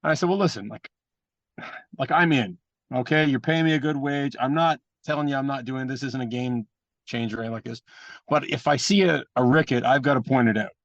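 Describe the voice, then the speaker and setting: A man's voice: mid-range voice, a little fast, dry recording, lo-fi sound. A man, a pro wrestler, telling blunt and profane stories in an interview and mimicking the people in them. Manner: animated anecdotes with mimicked voices. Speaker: guest, pro wrestler and trainer. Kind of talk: casual storytelling interview.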